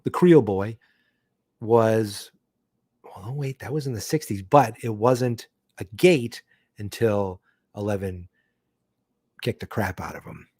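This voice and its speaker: A man's voice: medium pitch, mellow, no room sound, clean studio sound. A man hosting a live book-club podcast, reading a comic aloud and breaking off for chatty asides. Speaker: podcast host.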